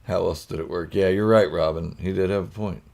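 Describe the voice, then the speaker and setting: Casting note: low, gravelly man, goofy host of a live fan chat, laughs a lot. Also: fairly even intonation, fairly quick, mellow. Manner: goofy, laughing often, reads viewer comments aloud. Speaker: channel host chatting with live viewers.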